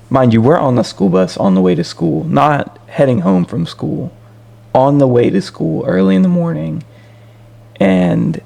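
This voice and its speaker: A man's voice: mid-range voice, gravelly, dark tone. A man telling a personal story in a casual, rambling way, full of fillers and restarts. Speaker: vlogger.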